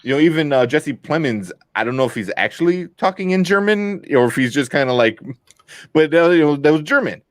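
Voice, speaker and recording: A man co-hosting a podcast, chatting about a movie in a rambling, animated way with lots of fillers. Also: a little high, a little fast, no echo, clean studio sound. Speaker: podcast co-host. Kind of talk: casual movie review chat.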